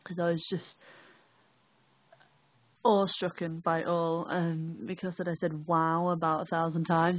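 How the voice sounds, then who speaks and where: A young woman with a Northern English accent, recalling an experience in a halting, rambling, sweary way. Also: low-pitched, flat delivery, dry recording. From England. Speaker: vlogger. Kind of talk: casual first-person recollection. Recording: dry, tinny phone-like audio.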